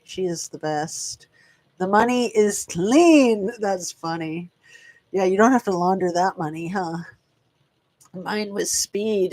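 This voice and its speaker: A woman in her fifties hosting a casual live stream from home, chatting to viewers and talking to her dogs in a rambling, friendly way. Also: fairly low pitch. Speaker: true crime channel host. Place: home room.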